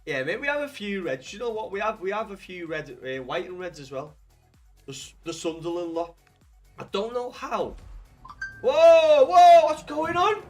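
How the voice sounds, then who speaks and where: A man's voice: high-pitched, moderate pace, faint music behind. Sweary Scouse man streaming a football game. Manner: sweary, rambling, excitable bursts. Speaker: gaming livestreamer. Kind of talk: casual livestream chat with viewers.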